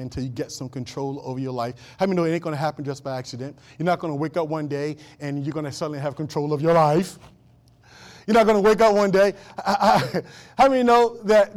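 Middle-aged male pastor, high-pitched, folksy preaching with laughing asides. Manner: folksy, laughing asides, call-and-response questions. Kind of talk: sermon.

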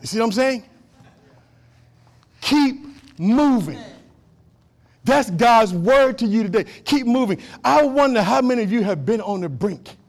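A male pastor with a notably high voice preaches to his congregation in a church. He repeats short calls to action and swings between loud, driving emphasis and quiet, low asides. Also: expressive, quick pace, few pauses. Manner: preaching with rising and falling intensity, repeating short exhortations. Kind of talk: sermon.

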